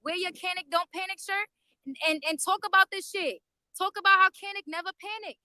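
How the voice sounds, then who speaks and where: A woman on a casual live stream, talking straight to her viewers in an animated, profane way, recorded on a phone near a courthouse overflow room. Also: very high voice, a little fast, dry recording, poor audio. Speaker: YouTube livestreamer.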